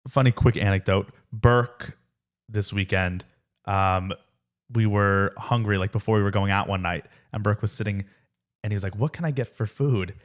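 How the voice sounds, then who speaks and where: A young man co-hosting a podcast in a loose, casual way, leaning on "like" as filler. His voice sits a little low. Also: normal speed. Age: young adult. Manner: casual, fills with "like". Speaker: podcast co-host, son.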